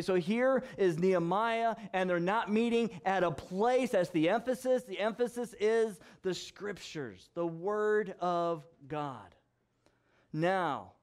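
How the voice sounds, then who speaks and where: A man's voice: high-pitched, clear, resonant tone. A man preaching a casual, conversational sermon as pastor, telling stories and acting out dialogue with frequent laughs.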